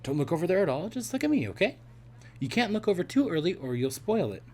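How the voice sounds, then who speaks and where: A man's voice: high-pitched, very animated, fast, darkish tone, pitched above the performer's own voice. Man putting on a sly, coaxing young woman. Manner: coaxing, conspiratorial.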